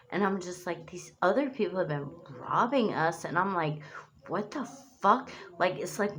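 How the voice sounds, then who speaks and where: A woman's voice: low-pitched, fairly bright tone, a little hiss or hum. A woman in an angry, rambling monologue to camera, swearing often and restarting her phrases.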